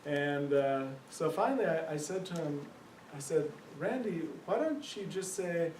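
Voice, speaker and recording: A man leading a church discussion group, thoughtful and searching, with many pauses and fillers. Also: fairly high pitch, lively intonation, darkish tone, a little hiss or hum. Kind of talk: church adult forum discussion. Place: church meeting room. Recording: echoey room mic from far off.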